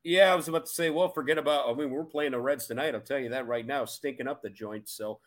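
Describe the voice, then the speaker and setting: A man's voice: mid-range voice, fast. A man co-hosting a baseball podcast, giving emphatic, opinionated takes in casual chat. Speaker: podcast co-host.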